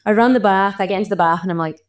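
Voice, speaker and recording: A woman's voice: mid-range voice, rapid-fire. A woman with a Scottish accent, a podcast guest chatting casually in a blunt, dry, self-deprecating way. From Scotland. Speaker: wedding photographer, podcast guest.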